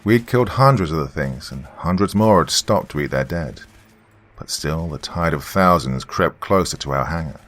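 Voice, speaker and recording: A man with a remarkably low, bass voice narrates a first-person horror tale. His delivery is grave and measured, the way a storyteller paces a tense account. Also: expressive. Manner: grave, measured storytelling with shouted quoted lines.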